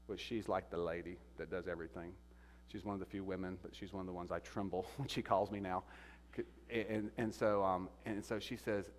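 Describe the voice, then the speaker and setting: Guy guest preaching, kinda low voice, trips over his words, long church echo. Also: steady tone, slight background noise. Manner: halting storyteller, repeats words. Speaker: guest speaker. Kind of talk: sermon testimony. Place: church sanctuary. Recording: echoey sanctuary reverb.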